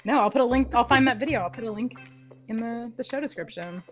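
A woman hosting a podcast, chatting casually and lively, quick to laugh. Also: on the high side, faint music behind. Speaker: podcast host. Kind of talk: casual chat.

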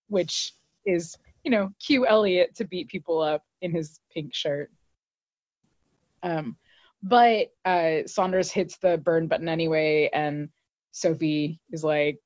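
A woman's voice: low voice, slow pace, a little mellow, dry recording. A woman co-hosting a podcast, recapping an episode in casual, laughing, filler-heavy chat. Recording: dull lo-fi dry recording.

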